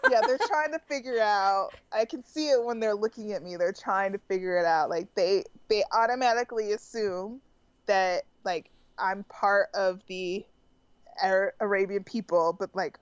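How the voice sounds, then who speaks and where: A woman's voice: mid-range voice, moderate pace, dry recording. A woman with an American accent hosting a podcast, chatting casually and laughing often. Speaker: podcast host. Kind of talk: casual chat. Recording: dull, dry lo-fi sound.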